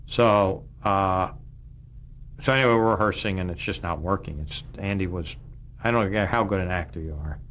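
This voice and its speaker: A man's voice: deep voice, normal speed, fairly bright tone, slight background noise. A man telling an earnest interview anecdote, stammering as he starts his sentences.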